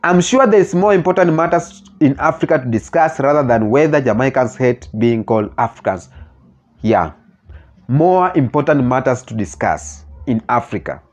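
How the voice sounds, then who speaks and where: A man with a Kenyan accent hosting his own channel, talking earnestly in halting phrases and often restarting mid-sentence as he reacts to comments. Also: mid-range voice, animated. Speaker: channel host. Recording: slightly muffled lo-fi recording.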